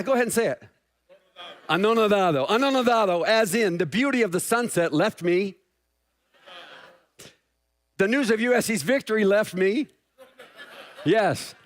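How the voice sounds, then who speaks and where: Casting: middle-aged male pastor, slightly high voice, playful and self-mocking in a sermon. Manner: jokey, self-deprecating, animated.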